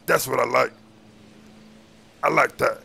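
A man's voice: medium pitch, slow, gravelly, bright, forceful tone, slight background noise. A man doing casual game role-play, talking in a slangy, menacing, taunting way.

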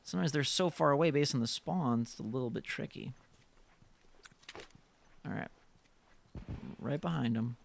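A young man giving chatty, excitable live commentary while playing a multiplayer game. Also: medium pitch, normal speed, gravelly, pauses often, slight background noise. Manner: excitable, chatty, reacts loudly to the action. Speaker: gaming YouTuber.

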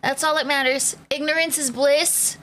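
A woman's voice: high voice, steady tone, normal speed, pushed and bright, slight background noise. A woman streamer chatting casually with her live viewers, greeting them by name in playful slang. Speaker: Twitch streamer.

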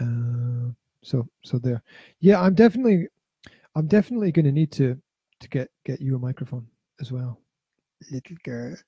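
A man's voice: mid-range voice, animated, moderate pace, warm tone, husky, no room sound. A middle-aged father chatting casually as a podcast co-host, rambling and repeating his words with hesitant fillers. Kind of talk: casual chat reviewing a VR game.

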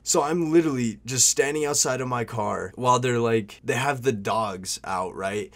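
A man's voice: mid-range voice, moderate pace, hardly any pauses, a bit bright. A young man telling a story in a casual vlog, rambling and slangy, full of "like" and "bro", swearing freely.

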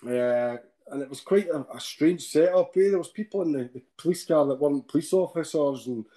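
A man's voice: on the high side, mellow. A Scottish man in a podcast interview, recounting his ordeal emotionally and often ending sentences with "eh?". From Scotland. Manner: emotional storytelling, tags sentences with "eh?", halting restarts. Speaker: podcast guest. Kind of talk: personal account in a podcast interview.

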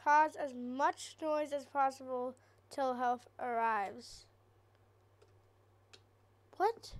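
Slow-talking high-voiced gaming host. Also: female voice, fairly even intonation. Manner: nervous, chatty, talks to viewers. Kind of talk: horror game let's play commentary.

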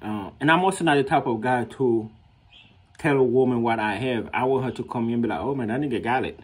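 A Haitian man vlogs in a casual storytelling style, animated and full of slang, laughing a lot and acting out what others said in a raised voice. His mid-range voice moves fairly quickly and has a breathy edge.

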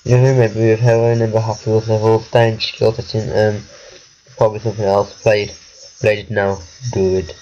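A man's voice: on the low side, level tone, normal speed, warm tone, lo-fi sound, a little hiss or hum. A young man giving casual gameplay commentary, jumpy and muttering, exclaiming when scared. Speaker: gaming video creator.

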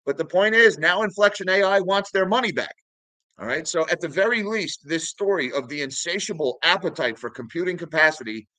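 Man, finance video host, bright forceful voice, dry close sound, casual chatty market commentary. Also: fairly high pitch, no echo, low-quality recording. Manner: conversational, addresses viewers as guys, talks through charts and articles.

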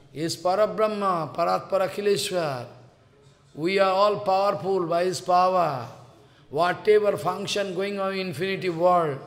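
High-voiced man preaching in echoing hall. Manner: acts out dialogue of gods in raised voices. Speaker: spiritual teacher. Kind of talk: devotional lecture with storytelling. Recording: long hall reverb.

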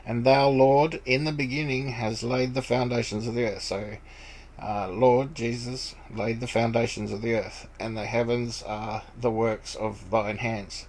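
A man giving an informal Bible teaching. He reads scripture aloud, then explains it in a rambling, halting way, with many fillers and restarts. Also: mid-range voice, rough recording. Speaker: preacher.

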